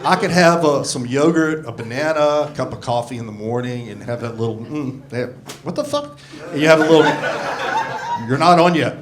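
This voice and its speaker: This is live club audio of a sixty-something comedian doing crude, self-mocking stand-up, swearing freely into a handheld mic while the audience laughs. His mid-range voice moves a little fast over the background noise.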